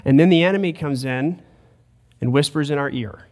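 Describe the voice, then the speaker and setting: A man's voice: on the high side, normal speed, darkish tone. A man preaching a sermon as a pastor, earnest and building to emphatic points. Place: church sanctuary. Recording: long church hall reverb.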